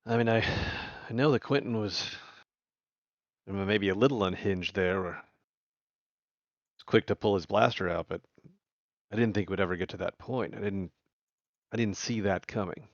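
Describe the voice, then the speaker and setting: A man's voice: lowish voice, a little slow, pauses often, no echo, highs cut off. A man playing an uneasy, hesitant crewman.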